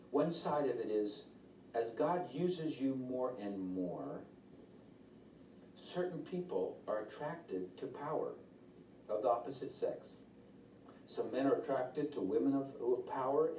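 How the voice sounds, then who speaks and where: A man preaching a sermon, telling stories and quoting others in lively voices. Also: mid-range voice. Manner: storytelling, quotes others in lively changing voices. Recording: roomy echo, from far off the mic, faint noise.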